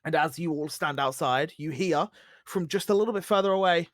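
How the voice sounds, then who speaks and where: A game master narrating a tabletop role-playing game in an animated storytelling manner. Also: mid-range voice, brisk, dry recording, studio quality.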